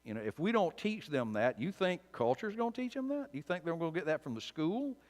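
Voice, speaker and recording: In a church sanctuary full of long reverb, a man gives a conversational sermon and Bible study, informal and wry, frequently restarting his sentences. His voice is fairly high, swings widely in pitch, and moves a little fast.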